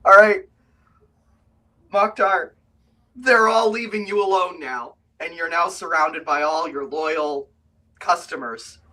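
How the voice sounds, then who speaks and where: A man running a tabletop game as game master, a lively storyteller who tells the story, explains the rules and tells anecdotes. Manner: lively storyteller, quick shifts into high put-on voices. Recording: voice from a distance.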